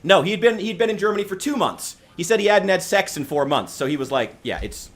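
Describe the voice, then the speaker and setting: A man's voice: sits high, expressive, a little fast, fairly bright tone. A man giving rambling casual commentary on a stream, angry and swearing, often stopping to restart his sentences. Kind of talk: casual commentary reacting to news.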